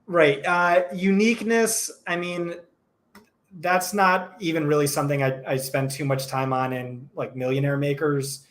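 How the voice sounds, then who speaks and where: A man co-hosting a live stream and chatting casually, brisk and opinionated, often restarting his sentences. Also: a little high, fairly even intonation, a bit bright. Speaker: co-host.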